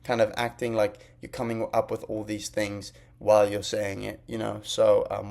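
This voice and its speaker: A young man giving a class presentation, explaining things in a relaxed, conversational way. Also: fairly low pitch, moderate pace, creaky, hardly any pauses. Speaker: student presenter.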